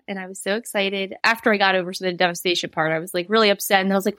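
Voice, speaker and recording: A woman's voice: medium pitch, steady tone, rapid-fire, hardly any pauses, fairly bright tone, dry recording. A woman in her thirties, a guest telling a personal story in a candid, rambling way, with laughs and quoted asides. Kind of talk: casual interview storytelling.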